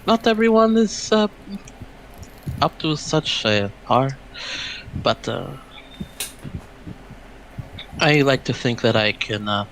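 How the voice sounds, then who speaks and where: A man voicing a rough, brawling character who greets people with formal airs and halting pauses in a tabletop role-play. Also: mid-range voice, lively intonation, a bit bright, slight background noise, low-quality recording. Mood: wry.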